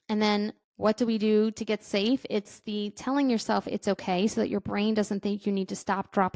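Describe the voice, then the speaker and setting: A woman's voice: mid-range voice, darkish tone, no echo. A woman hosting a parenting podcast, giving casual, conversational advice and often checking in with "right?". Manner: conversational, keeps asking "right?". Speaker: podcast host, parenting coach.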